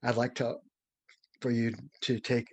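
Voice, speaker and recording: Older man telling lively anecdotes. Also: mid-range voice, unhurried. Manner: lively, acts out quoted voices, chuckles. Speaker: interview guest, dancer. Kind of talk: anecdotal storytelling.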